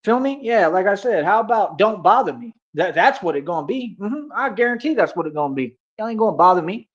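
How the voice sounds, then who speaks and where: Young dude ranting on his stream, high pitched, cocky street talk, kinda muffled lo-fi audio. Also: expressive, brisk, slightly rough. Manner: boastful, confrontational, slangy street talk. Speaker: livestream host. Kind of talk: ranting livestream monologue.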